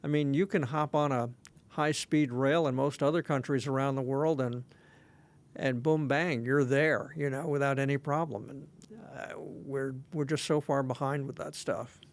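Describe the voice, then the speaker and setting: A man's voice: mid-range voice, fairly even intonation, moderate pace. A man co-hosting a casual podcast chat, rambling along with lots of fillers and restarts. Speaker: podcast co-host.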